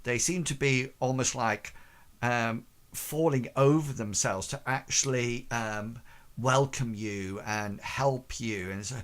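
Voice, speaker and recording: A man narrating as game master of a streamed tabletop game, pausing often with ums and correcting himself. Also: medium pitch. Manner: halting, full of ums and self-corrections.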